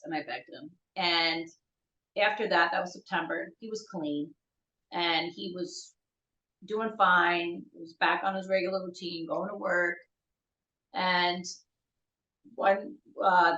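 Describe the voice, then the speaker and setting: Middle-aged woman, lowish bright voice, halting tearful storytelling, echoey dull audio. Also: fairly even intonation. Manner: halting, searching for words. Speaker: podcast guest, bereaved mother. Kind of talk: emotional personal storytelling.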